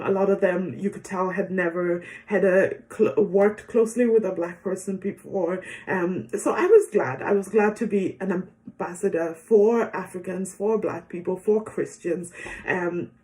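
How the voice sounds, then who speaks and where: A young woman telling a personal story in a casual, chatty way, with many fillers and soft laughs. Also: medium pitch, unhurried.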